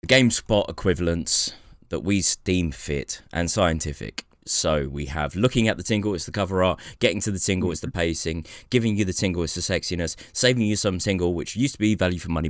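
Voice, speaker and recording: A man with a very low voice co-hosts a comedic book podcast and explains its scoring rules in a wry, jokey manner. The recording is dry and close. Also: brisk, dry recording. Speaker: podcast co-host. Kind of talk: casual comedic chat.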